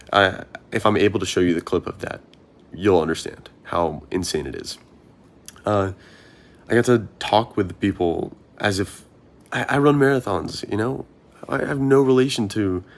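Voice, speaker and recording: Young man, low voice, earnest, rambling, self-questioning vlog monologue. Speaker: marathon runner vlogger.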